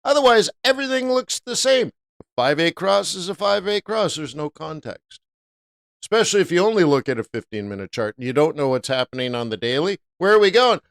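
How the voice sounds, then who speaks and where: A middle-aged man talks through a live trading session in a smooth, resonant voice that sits a little high for a man. He is animated and jokey, often bursting into loud playful bits between his points. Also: a little fast. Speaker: forex trader hosting a live stream.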